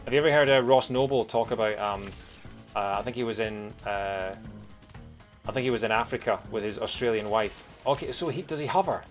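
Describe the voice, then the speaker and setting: A man's voice: fairly low pitch, a little fast, soft background music. Chatty man streaming a game. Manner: chatty, rambling with many fillers. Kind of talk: casual live-stream commentary.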